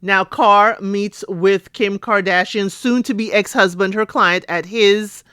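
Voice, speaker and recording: A woman's voice: mid-range voice, slow, clean tone, no echo, studio quality. Chatty woman recapping a TV episode. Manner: chatty, animated retelling with playful asides and laughs; acts out characters' lines in quotes. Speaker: podcast host recapping a TV episode. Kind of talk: casual recap commentary.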